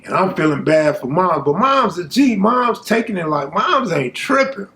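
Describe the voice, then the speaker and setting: A man telling a true story from his own life in a casual, animated way, full of street slang and asides to the viewer. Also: sits high, normal speed, creaky.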